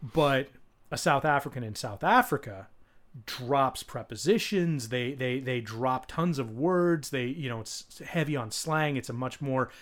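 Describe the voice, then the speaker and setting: A man's voice: mid-range voice, unhurried, a bit bright. A man co-hosting a podcast in casual chat, rambling with many fillers and restarts and swearing casually. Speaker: podcast co-host.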